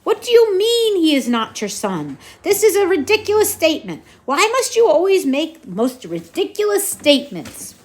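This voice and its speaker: Woman voicing a sniffy mouse mum, haughty, lively sing-song pitch. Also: normal speed, few pauses. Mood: dismissive. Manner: dismissive, dramatic, sniffy. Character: haughty French female mouse mother.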